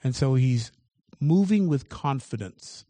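A man's voice: mid-range voice, expressive, measured pace, mellow. A man preaching a sermon as pastor, reading scripture aloud and commenting on it with shifting emphasis.

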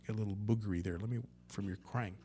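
Male preacher doing a hushed, doting father figure, sugary baby talk, slightly lower than his own voice. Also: fairly even intonation, fast talker, a little hiss or hum, lightly acted. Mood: cooing. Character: mock doting heavenly father, cooing and tender.

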